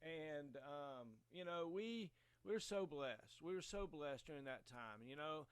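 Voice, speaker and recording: A man's voice: a little high, lively intonation, unhurried, smooth, no room sound. A man hosting a podcast, chatting casually and eagerly affirming his guest. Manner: enthusiastic, affirming interjections. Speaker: podcast host. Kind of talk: casual interview conversation.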